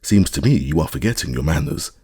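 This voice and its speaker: A man voicing a small, vain, saucy glass cat who talks in a shrill, scornful way. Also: animated, fast, dark tone, slightly rough, no room sound, studio quality, heavily acted. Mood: haughty.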